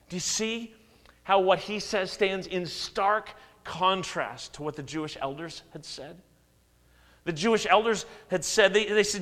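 A man preaching a sermon, his delivery swinging widely in pitch and loudness as he acts out quotes. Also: a little slow, long reverb tail. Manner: animated preaching with dramatic swings in pitch and volume, acted-out quotes. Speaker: pastor.

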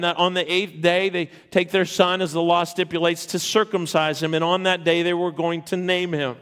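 A man's voice: high voice, fairly bright tone, smooth. A man preaching a sermon, retelling a Bible story with emphatic repetitions and frequent restarts. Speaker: pastor.

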